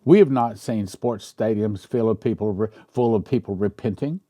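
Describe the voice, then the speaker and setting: A man's voice: fairly low pitch, moderate pace, mellow, dry recording, clean studio sound. A man who is a pastor, giving casual commentary in an emphatic way, with rhetorical questions and chuckling asides.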